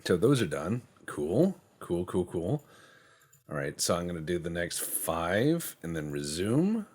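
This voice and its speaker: Deep-voiced joking gaming host. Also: male voice, big pitch swings, darkish tone, slightly rough. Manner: joking, sweary, self-mocking; slips into quick silly voices for other countries. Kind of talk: casual let's-play commentary.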